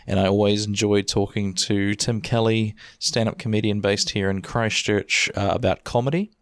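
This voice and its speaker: A man's voice: on the low side, steady tone, normal speed. A man hosting his own podcast, chatting casually and with self-amused humor, loose with fillers. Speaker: podcast host. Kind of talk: casual solo podcast intro.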